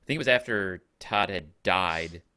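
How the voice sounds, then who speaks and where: A man with a very deep voice co-hosting a gaming podcast. He talks in a relaxed way and explains things at an easy pace in casual chat. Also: moderate pace, clean tone, no room sound, studio quality. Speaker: podcast co-host.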